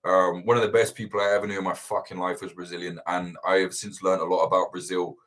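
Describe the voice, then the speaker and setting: This is a man with a lowish voice, hosting a casual livestream Q&A. He rambles through answers with animated energy and swears freely as he goes. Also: fast. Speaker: host of livestream Q&A.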